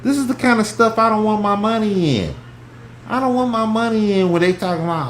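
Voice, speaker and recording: A man hosting a heated casual stock chat, profane and worked up, swinging between loud outbursts and hushed asides. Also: high-pitched, big pitch swings, a little fast, a little hiss or hum. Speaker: stock talk show host. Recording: echoey room.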